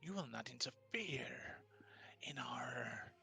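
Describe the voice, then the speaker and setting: A man voicing a menacing clawed monster in a hushed, threatening whisper, as whispered role-play in a tabletop game. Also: medium pitch, animated, slow pace, creaky, heavily acted.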